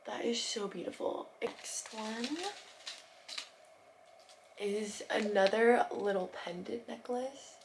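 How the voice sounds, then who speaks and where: A young woman vlogging as she unboxes gifts, gushing and excitable, sometimes dropping to a soft whisper. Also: fairly high pitch, slow, long pauses, poor audio. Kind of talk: casual unboxing vlog. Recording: noticeable background noise.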